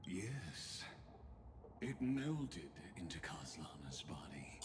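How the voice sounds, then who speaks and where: A cryptic deep-voiced stranger. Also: male voice, big pitch swings, slow pace, noisy background, full character voice. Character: cryptic mysterious man speaking in riddles. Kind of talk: game voice acting.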